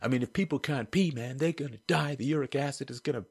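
A man's voice: medium pitch, fast, darkish tone, slightly rough, pitched above the performer's own voice. A man putting on a whiny indignant guy. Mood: indignant whining. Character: whiny indignant man defending peeing in pools.

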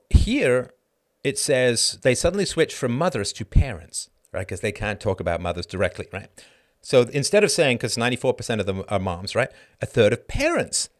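Emphatic, sarcastic middle-aged man commentating. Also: lowish voice. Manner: sarcastic, emphatic, voice rises sharply when indignant. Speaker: podcast host. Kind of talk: live-stream commentary reading an article.

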